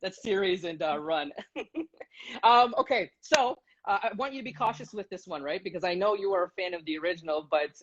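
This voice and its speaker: A man's voice: high voice, brisk, fairly bright tone, slight background noise. A man hosting an interview, teasing his guest and laughing often. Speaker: interview host. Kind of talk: casual interview chat. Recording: muffled lo-fi audio.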